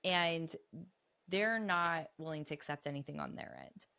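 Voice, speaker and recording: A woman's voice: sits low, moderate pace, creaky, pushed and bright, clear, resonant tone. A woman hosting a podcast interview, a parent asking chatty, open questions. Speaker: podcast host.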